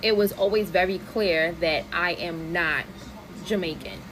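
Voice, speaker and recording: An American woman telling her own experience to camera in an earnest, reflective way, speaking in measured phrases. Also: lowish voice, low-quality recording. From United States. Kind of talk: personal commentary to camera.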